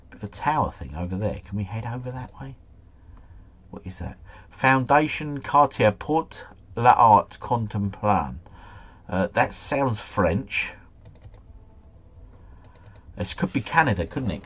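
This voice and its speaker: A man streaming a guessing game live, thinking aloud and chatting to viewers, his volume rising and falling with excitement. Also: fairly low pitch, measured pace, pauses often, husky. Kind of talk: casual live commentary.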